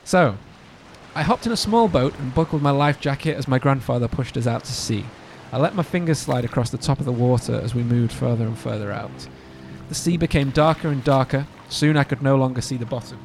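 A man's voice: mid-range voice, fairly quick, slight background noise. A man hosting a podcast, reading a spooky story aloud with joking asides. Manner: animated, joking asides between narration. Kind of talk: casual storytelling read-aloud.

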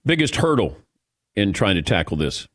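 A man hosting a sports talk radio show, introducing a guest and asking brisk questions. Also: fairly low pitch, big pitch swings, fairly bright tone.

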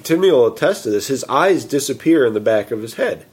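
A man casually telling a story, animated and quoting himself and his friends. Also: mid-range voice, a little fast, husky.

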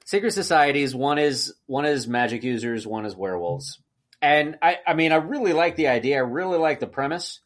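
Man, podcast co-host, casual chat, lively swooping pitch, exasperated ranting. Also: a little fast. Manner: animated ranting, acts out exasperated outbursts.

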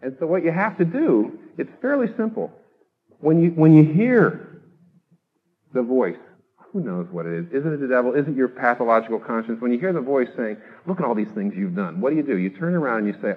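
A man preaching a sermon, emphatic, rising to loud exhortation and then dropping low. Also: big pitch swings, brisk, breathy edge, lo-fi sound. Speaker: pastor.

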